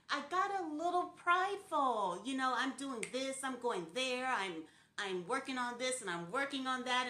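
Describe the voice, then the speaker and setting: Exuberant high-voiced woman on a live video. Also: pushed and bright, roomy sound. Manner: exuberant, emotional, laughing often. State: sprained ankle, sitting down. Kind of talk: casual live video chat.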